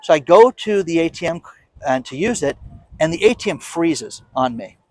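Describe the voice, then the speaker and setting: Animated man in his fifties. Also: on the high side, normal speed, no room sound. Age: 50s. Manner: animated storytelling, acting out quoted dialogue; indignant, emphatic. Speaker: show host. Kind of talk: casual monologue to camera.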